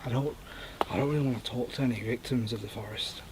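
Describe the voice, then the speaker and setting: A man's voice: medium pitch, fairly even intonation, quick pace, noisy background. A young man ghost hunting outdoors, cautious at first and urgent when pointing things out. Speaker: ghost hunter. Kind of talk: casual chat. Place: outdoors in a forest at night. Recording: faint outdoor ambience.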